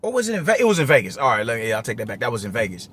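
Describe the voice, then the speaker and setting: A man's voice: medium pitch, very animated, rapid-fire, a bit bright, breathy edge. A young man giving a casual, profane, slang-heavy commentary rant about boxing. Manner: profane, slangy, restless and repetitive.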